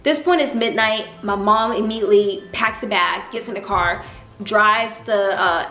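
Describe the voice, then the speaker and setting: A young woman with a light Southern country twang tells her story in an animated way and drops into playful voices for the people in it. Her voice sits in an average range. She sounds like she is in an echoey room, with soft music behind her. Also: mid-range voice, normal speed. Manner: animated, acts out dialogue with exaggerated voices. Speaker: vlogger. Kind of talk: personal storytelling vlog.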